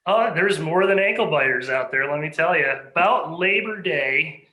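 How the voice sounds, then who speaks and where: A man from the Midwestern US, a guest on a video call interview, answering in a relaxed way. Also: on the high side, normal speed, echoey room, low-quality recording.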